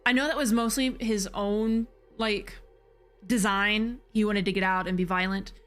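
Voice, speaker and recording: A woman's voice: mid-range voice, fairly even intonation, unhurried, fairly bright tone, faint music behind. A woman streaming a video game, talking casually and animatedly, swearing freely. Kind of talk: casual let's-play commentary.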